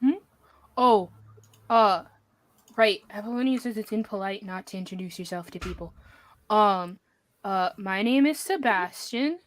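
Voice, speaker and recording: A woman voicing a shy, distractible twelve-year-old boy who talks haltingly with many pauses. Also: mid-range voice, lightly acted. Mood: hesitant. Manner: hesitant, halting with ums.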